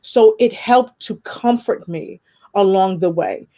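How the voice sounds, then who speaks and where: A woman speaks with earnest, heartfelt expression, recounting a personal experience in a relaxed conversation. Her voice sits in a middle range, and she leans on a spiritual framing as she talks. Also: mid-range voice, slow pace. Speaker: guest.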